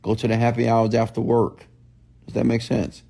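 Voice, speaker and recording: A man speaks in a blunt, preachy motivational style, repeating questions like a preacher working a crowd. His voice is gravelly with a fry at the edges, and the tone sits dark and mellow. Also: mid-range voice, completely flat delivery, moderate pace. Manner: preachy, repetitive call-and-response questions; blunt, scolding. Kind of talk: motivational livestream talk.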